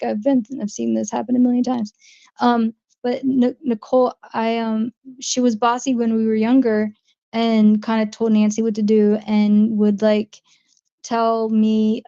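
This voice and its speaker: A woman's voice: fairly high pitch, gravelly, warm tone, highs cut off. A woman with a New Jersey accent, chatting casually on her livestream, rambling and answering viewer comments. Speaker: livestream host.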